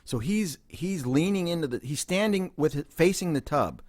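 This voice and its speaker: Man calmly laying out his case. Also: fairly high pitch, moderate pace, dry recording. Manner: explaining patiently, reasoning, building a case. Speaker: podcast host. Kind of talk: casual banter.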